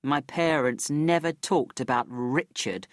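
Low-voiced woman telling a story. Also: unhurried, no echo, studio quality. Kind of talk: scripted first-person story narration.

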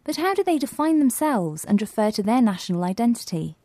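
A woman with a mellow, warm tone hosts a scripted lesson, asking quiz questions and explaining terms clearly. The recording is dry and close. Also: on the high side, big pitch swings, brisk, dry recording. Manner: clear, quizzing. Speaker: co-presenter. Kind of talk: scripted educational podcast.

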